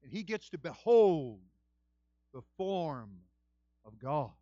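A man voicing God as a stern male deity with a measured, solemn delivery, retelling scripture in a sermon. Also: on the high side, sing-song, mellow, no echo, lo-fi sound.

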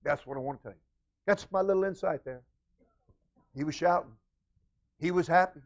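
A man preaching a sermon as senior pastor, animated and calling out to his congregation. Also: fairly high pitch, moderate pace, muffled recording. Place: church.

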